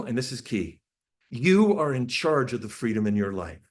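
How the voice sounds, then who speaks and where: A man's voice: mid-range voice, normal speed. A middle-aged man giving a parenting talk to an audience, telling stories about his family and acting out the conversations with sudden bursts of emphasis. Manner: lively storyteller who acts out family dialogue with bursts of emphasis. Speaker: parenting speaker.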